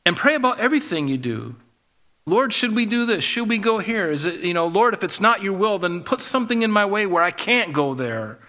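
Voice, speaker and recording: A man's voice: fairly high pitch, bright, forceful tone. A male pastor preaching a sermon in a conversational way, with asides and restarts.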